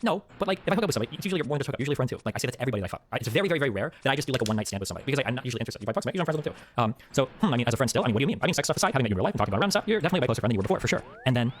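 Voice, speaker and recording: A man's voice: mid-range voice, expressive, very fast, a little hiss or hum. A man streaming live, talking in a rambling, profane way and often tagging "okay?" onto his sentences. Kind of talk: casual live-stream monologue.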